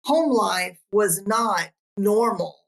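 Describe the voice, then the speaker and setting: Slow-talking woman podcast host. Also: mid-range voice, expressive, vocal fry. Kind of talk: casual interview chat.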